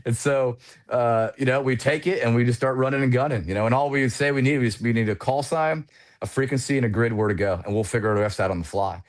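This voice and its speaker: In his forties, a retired Air Force pilot guests on a podcast, casually recounting war stories. His mid-range voice moves fast, animated and packed with "you know."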